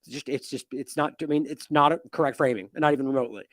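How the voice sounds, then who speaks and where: A man's voice: medium pitch, fast, dry recording, clean studio sound. A man hosting an independent news show, giving indignant, mocking commentary on the news. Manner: animated, indignant, mocking with sarcastic quotes.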